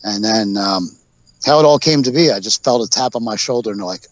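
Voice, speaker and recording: A man's voice: fairly low pitch, brisk, no echo. A man telling road stories as a podcast guest, rambling through anecdotes full of fillers. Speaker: podcast guest, pro wrestler. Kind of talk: casual storytelling interview. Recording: dull lo-fi podcast audio.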